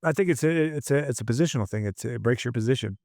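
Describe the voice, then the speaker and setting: A man's voice: medium pitch, lively intonation, fast, creaky, a little mellow, dry recording, clean studio sound. A man coaching combat sports, telling stories in a casual interview, blunt and profane with many restarts.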